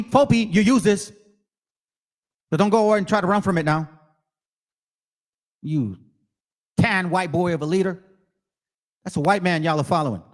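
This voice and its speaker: His voice sits high as this man hosts his own channel. He gives combative religious commentary, confronting and ridiculing viewers directly and breaking up his remarks by reading passages aloud.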